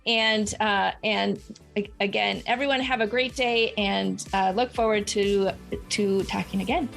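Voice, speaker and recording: A woman's voice: mid-range voice, steady tone, a little slow, vocal fry, a bit bright, faint music behind. A woman hosting a podcast, chatting casually over a remote call with many fillers and easy laughter. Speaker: podcast host. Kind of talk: casual interview chat and show outro.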